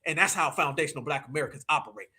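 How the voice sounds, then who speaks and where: A man hosting a live commentary stream, talking in an animated, mocking, preachy way and sometimes shouting. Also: a little high, rapid-fire, breathy edge. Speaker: livestream host.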